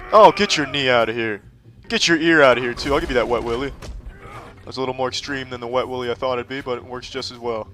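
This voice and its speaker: A man hosting casual gameplay commentary, sarcastic and profane with deadpan jokes. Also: medium pitch, fast talker. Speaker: host reacting and playing a game.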